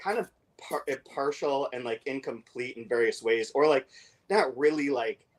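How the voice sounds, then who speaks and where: A man co-hosting a casual book discussion, talking with many fillers and restarts and reading passages aloud quickly. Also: medium pitch. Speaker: podcast co-host.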